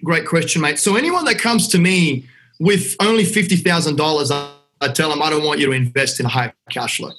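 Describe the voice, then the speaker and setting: Bright-voiced Australian man, blunt and punchy. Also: fairly high pitch, a little fast, faint music behind. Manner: blunt, punchy, peppers talk with "mate". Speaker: real estate investment company owner, guest. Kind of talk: casual podcast chat.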